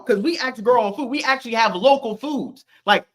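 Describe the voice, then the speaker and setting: A livestream host arguing loudly in a profane, combative way and talking over the other person on a stream mic. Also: medium pitch, quick pace. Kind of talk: heated online debate.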